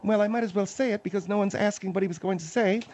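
A man's voice: high-pitched, steady tone, fast, a little mellow, slight background noise, pitched above the performer's own voice. A man voicing an indignant male panelist who talks in a prissy, scolding way.

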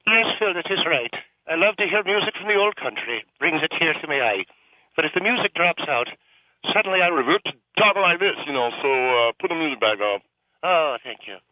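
A man's voice: on the high side, animated, fairly quick, no echo, phone-quality sound, natural voice. A man voicing a pious but violent older Irish priest who used to be a cop, with a lilting Irish accent and a preachy sing-song delivery. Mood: sentimental. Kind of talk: comedy radio sketch.

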